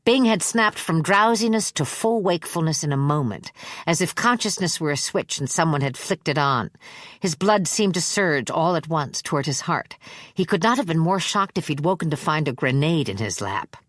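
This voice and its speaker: A woman narrating a dark horror audiobook in a measured, even storytelling manner on a close studio mic. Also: low voice, dry recording. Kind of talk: scripted narration.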